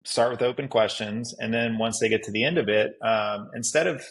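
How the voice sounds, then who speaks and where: A man's voice: mid-range voice, a little fast, low-quality recording. A man who works as a police detective, a guest on a podcast, giving instructive advice point by point. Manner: instructive, lays out numbered advice. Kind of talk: podcast conversation.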